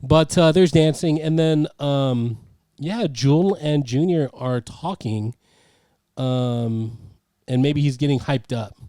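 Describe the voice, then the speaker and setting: A man's voice: mid-range voice, takes it slowly, no echo. A young man co-hosting a casual movie review, eagerly retelling scenes with lots of restarts. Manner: animated retelling with frequent restarts and fillers. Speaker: podcast co-host.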